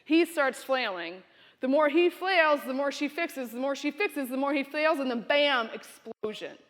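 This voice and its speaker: High-voiced woman giving a keynote. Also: unhurried. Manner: storytelling, expressive, direct to audience. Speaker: keynote speaker. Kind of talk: motivational keynote speech. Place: university conference venue. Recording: long hall reverb.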